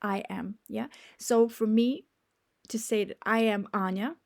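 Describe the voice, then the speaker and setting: A woman's voice: medium pitch, fairly even intonation, gravelly, a little mellow. A woman teaching a beginner language lesson, spelling out words and checking in with "yeah?" after each point. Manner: spells out and repeats words slowly.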